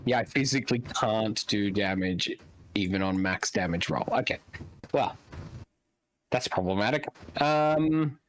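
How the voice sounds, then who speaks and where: A man's voice: on the low side, measured pace, a little hiss or hum. A man playing in a tabletop game, chatting casually and making self-deprecating jokes about his turn. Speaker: player.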